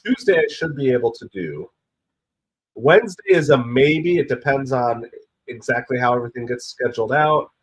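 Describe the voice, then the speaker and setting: A man with a hoarse, stuffy voice from a cold hosts a relaxed live stream and chats his way through the game. He rambles between stats and plays, and gets excited over close pitches. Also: moderate pace. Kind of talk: casual play-by-play chat.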